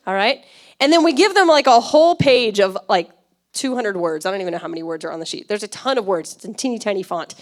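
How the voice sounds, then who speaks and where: A woman pastor giving a conversational sermon, chatty and quick to laugh, often checking in with her listeners. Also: medium pitch, lively intonation. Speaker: church pastor.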